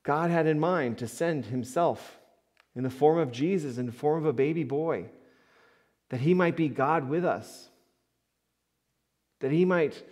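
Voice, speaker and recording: A male pastor preaching a sermon full of stories. His delivery is animated: he swings from soft asides to loud, emphatic peaks. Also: a little high. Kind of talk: sermon with storytelling.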